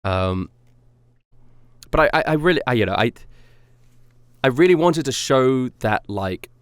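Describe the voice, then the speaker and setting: Animated male streamer, dry close sound. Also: medium pitch, a little slow, clear, resonant tone, no room sound. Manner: animated, rambling, self-critical. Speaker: streamer and rapper ranking his songs. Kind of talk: casual stream commentary.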